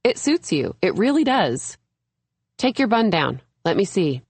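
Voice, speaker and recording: A woman's voice: medium pitch, sing-song, a little slow, darkish tone, husky, no room sound, voice pushed up, exaggerated voice. Woman voicing a bubbly, gushing young woman. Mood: coaxing, upbeat. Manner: gushing, eager, giggly.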